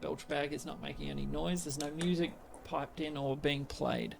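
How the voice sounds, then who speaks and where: A man's voice: on the high side, steady tone, normal speed, vocal fry, slight background noise. A man narrating as game master, hesitant with lots of fillers.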